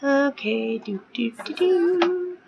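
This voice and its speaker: A woman's voice: high-pitched, animated, slow, vocal fry, noisy background. A woman in her thirties chatting casually at home while playing a life-sim game, often dropping into a whisper. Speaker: gaming vlogger. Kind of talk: casual gameplay commentary.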